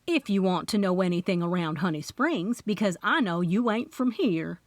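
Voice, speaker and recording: A woman voicing a brassy, nosy older aunt with a slow drawl in an audiobook. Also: lowish voice, expressive, no room sound, lightly acted. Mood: sassy. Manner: drawling, bossy and gossipy. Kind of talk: audiobook character voice.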